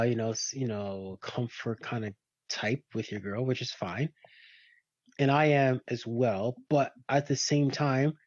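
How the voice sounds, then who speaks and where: A man's voice: medium pitch, no echo. Male podcast co-host, candid and chatty, muffled dry recording. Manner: candid, talks through his own relationship habits. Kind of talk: casual chat. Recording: dull dry sound.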